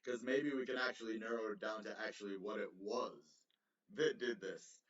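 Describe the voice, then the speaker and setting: A man's voice: lowish voice, steady tone, normal speed, a bit bright. A man hosting a casual crypto livestream, rambling and correcting himself, with frequent chuckles. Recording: roomy, distant, slightly dull mic.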